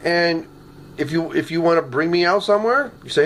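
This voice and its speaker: A man's voice: on the high side, fairly quick, fairly bright tone, slight background noise. A man recording a rambling, earnest video message on his phone at home, often ending his sentences with "okay?". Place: his apartment. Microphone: phone camera.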